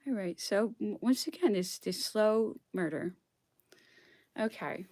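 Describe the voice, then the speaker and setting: A woman's voice: mid-range voice, expressive, takes it slowly, darkish tone, dry recording. A woman in an impassioned solo vlog monologue, dropping into whispers at times and close to tears. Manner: emotional, drops into whispered asides, near tears. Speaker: vlogger reading history aloud.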